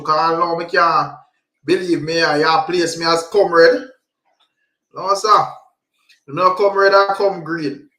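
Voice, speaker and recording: A man's voice: on the high side, sharp tone, echoey room. A Jamaican man hosting a casual livestream, greeting viewers in patois. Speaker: livestream host.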